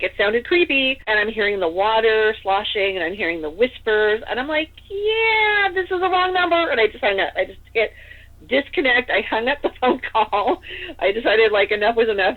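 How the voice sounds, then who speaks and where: A woman from Northern California telling a story as a podcast guest, chatty and rambling, with lots of "like" and "you know.". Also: mid-range voice. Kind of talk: casual storytelling in an interview. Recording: tinny phone-line audio.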